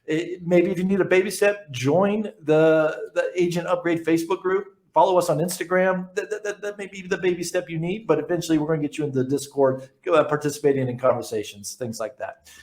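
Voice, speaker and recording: A man's voice: on the high side, steady tone, a little fast, darkish tone, roomy sound. A man hosting an interview podcast in a casual chat style, eager and often repeating words and restarting sentences. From New York. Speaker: podcast host.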